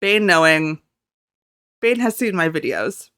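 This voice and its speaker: A young woman telling a story in a casual vlog at home, excitable and flustered, rambling and swearing as she goes. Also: lowish voice, unhurried, no room sound, clean studio sound. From Canada. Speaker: vlogger.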